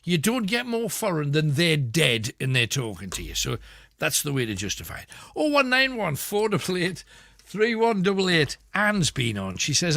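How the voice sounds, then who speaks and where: A man hosting a radio phone-in, giving callers measured, reassuring advice. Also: on the high side, sing-song, creaky, sharp tone, dry recording, clean studio sound.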